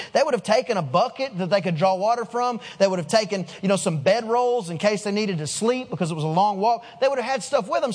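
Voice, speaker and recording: A man's voice: high voice, husky. A man preaching a sermon as pastor, in a conversational way, putting questions to the congregation and restarting his words.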